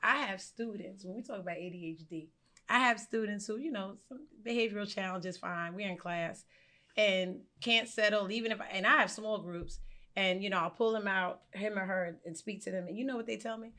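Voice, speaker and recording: A woman with a bright, forceful tone speaks as a teacher on a live panel. She tells personal stories earnestly and brings in lively quoted remarks. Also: mid-range voice, brisk. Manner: earnest, storytelling, animated quotes.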